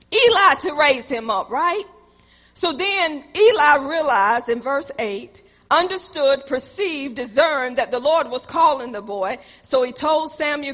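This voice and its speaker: A woman's voice: sits high, sharp tone. A woman preaching a sermon, calling out to the congregation directly and speaking in a plain, down-home church vernacular. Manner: call-and-response preaching, addressing the congregation directly. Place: church sanctuary. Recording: long reverb of a church hall.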